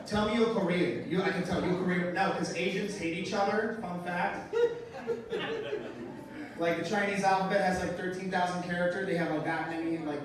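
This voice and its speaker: Brash high-voiced comedian in a club. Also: male voice. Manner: brash, profane, mock-outraged delivery. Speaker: stand-up comedian. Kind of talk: stand-up comedy set. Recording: roomy live club sound, mic heard from a distance, crowd. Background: audience laughter.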